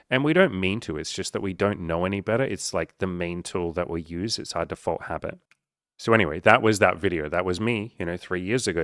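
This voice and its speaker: A man's voice: low-pitched, a bit bright, no echo, studio quality. A young man, a coach, talking straight to camera in a blunt, profane, earnest and encouraging way. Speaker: dating and life coach. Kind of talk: casual direct-to-camera talk.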